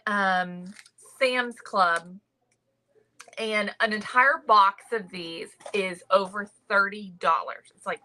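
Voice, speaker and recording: A woman talks slowly and warmly chatty through a thrift haul, saying "y'all" and greeting viewers by name. Her voice has a bright, forward tone. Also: mid-range voice, rough recording. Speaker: crafting livestream host. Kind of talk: casual thrift haul chat.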